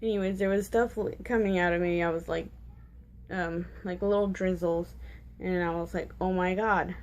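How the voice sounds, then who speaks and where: This vlogger, a woman in her twenties, has a fairly low, steady, slightly mellow voice and a moderate pace. Sharing a personal story casually, she rambles with fillers and restarts, candid and prone to giggling over awkward moments.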